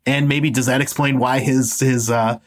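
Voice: medium pitch, steady tone, normal speed. An adult co-host on a podcast, casually discussing a film and speaking hesitantly with restarts. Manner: hesitant, thinks aloud with restarts.

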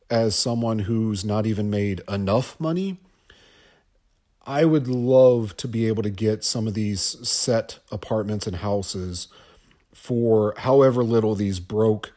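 A man's voice: fairly low pitch, warm tone. A man guest-hosting a podcast, rambling through a scene-by-scene movie commentary with stammers, restarts and wry asides. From Ohio.

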